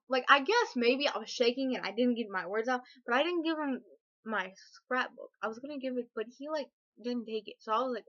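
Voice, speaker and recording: A teenage girl vlogging, telling an excited personal story full of fillers, gushing and breathless, with sudden shrieks. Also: fairly high pitch. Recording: dull lo-fi webcam audio.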